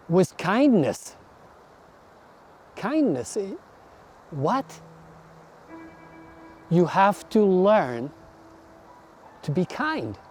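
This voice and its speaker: Earnest, high-voiced older man reflecting. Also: a little mellow, a little hiss or hum. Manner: earnest, slow, emphatic. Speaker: adventurer recounting a long walk. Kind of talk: reflective storytelling.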